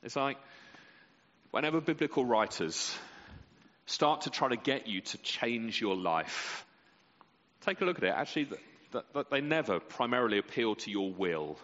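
A man's voice: very animated, moderate pace, long pauses, fairly bright tone. Impassioned male preacher in a reverberant hall. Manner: impassioned, with sweeping rises and drops in pitch and volume. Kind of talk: sermon. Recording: muffled sound with a long reverb in a large hall.

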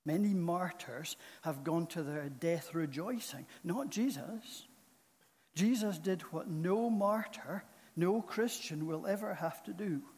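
A man preaching a sermon in a church, speaking in a slow, solemn and earnest way. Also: on the high side, darkish tone. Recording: long reverb of a large hall.

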